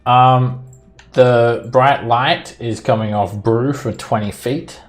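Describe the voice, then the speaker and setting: A man's voice: mid-range voice, slow pace, faint music behind. A man running an online tabletop game as game master, explaining rules plainly with hesitant fillers.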